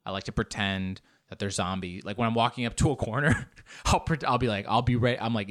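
A young man delivering a profane, animated comic monologue, acting out bits in high put-on voices. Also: fairly quick. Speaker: comedian. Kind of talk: stand-up style comic monologue.

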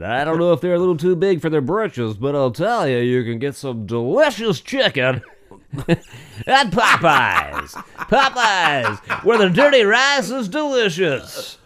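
A man's voice: medium pitch, fairly bright tone. A man doing a comic impression of a showy male baseball play-by-play announcer who tries to sound super cool and makes awkward sponsor plugs.

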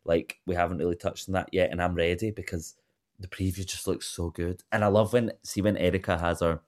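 A very deep-voiced man chatting casually as a podcast co-host. He talks in a gossipy, animated way, leaning hard on the juicy bits. His voice stays low and rumbling throughout. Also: a little fast. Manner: chatty and gossipy, lively swings of emphasis. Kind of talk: casual chat.

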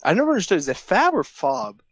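A man's voice: high voice, big pitch swings, fast, dry recording. A young man co-hosting a podcast, chatting casually and jokingly, often repeating his words. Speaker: podcast co-host. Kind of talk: casual sports chat.

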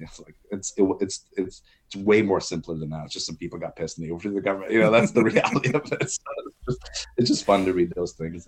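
Deep husky-voiced man chatting loosely. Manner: relaxed, rambling, many fillers and restarts. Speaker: podcast co-host. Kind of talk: casual chat.

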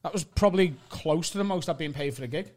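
A man, a guest comedian telling a comic story in an animated way, often asking "right?" and acting out what people said. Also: on the high side, quick pace. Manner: animated, keeps asking "right?", acts out quotes.

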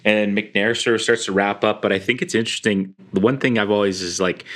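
A man's voice: lowish voice, fairly bright tone. A man hosting a podcast interview, asking long, rambling questions full of fillers. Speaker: podcast host. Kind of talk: casual interview.

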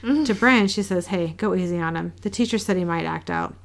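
A woman co-host with a gravelly edge to her voice talks through a TV episode scene by scene. She reads the quoted dialogue in a flat, low-key way, with no big character voices. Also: brisk. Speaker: podcast co-host recapping an episode. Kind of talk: casual recap, reading dialogue aloud.

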